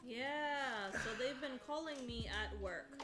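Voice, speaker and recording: A woman co-hosting a stream, retelling events in an exasperated, casual way full of "like". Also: high voice. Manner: exasperated, quick retelling with many "like"s. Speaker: co-host of a stream. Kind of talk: casual storytelling chat. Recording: music playing clearly behind.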